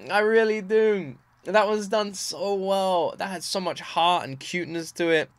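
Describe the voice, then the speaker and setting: A man in his thirties giving casual reaction commentary, gushing and effusive, often repeating himself and swearing casually, with bursts of loud excitement. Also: sits high, unhurried, hardly any pauses, no echo. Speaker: music reaction YouTuber.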